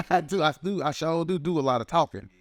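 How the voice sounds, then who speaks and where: A man's voice: fairly high pitch, no echo. A man, co-hosting a podcast and telling rambling, profane stories with many halts. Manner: rambling storyteller, profane and halting. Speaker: podcast co-host. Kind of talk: casual podcast chat.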